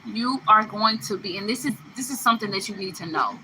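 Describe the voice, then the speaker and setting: Woman doing a tarot reading vlog, bright voice, repeats herself for emphasis, calls you baby. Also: mid-range voice, expressive, a little fast, slight background noise, rough recording. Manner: emphatic, repetitive, laughing between phrases; addresses listener affectionately. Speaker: tarot card reader.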